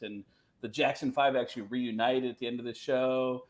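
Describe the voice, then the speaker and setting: Male comedian guest, animated storyteller, video call audio, mid-pitched voice. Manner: animated, quick vocal impressions in anecdotes. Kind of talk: casual storytelling chat.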